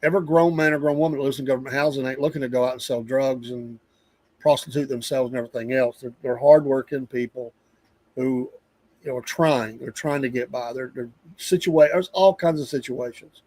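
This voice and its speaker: A man's voice: medium pitch, steady tone, brisk, a little mellow, no echo. A middle-aged man with a Southern US accent hosting a live show, venting in a casual, rambling monologue and repeating himself for emphasis.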